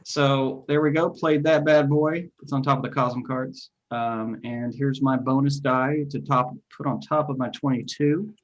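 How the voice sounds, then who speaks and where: A man playing a tabletop role-playing game, casually working out damage totals out loud with a relaxed manner. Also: medium pitch, a little slow, few pauses, lo-fi sound. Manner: relaxed, talks through dice math with fillers. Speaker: player.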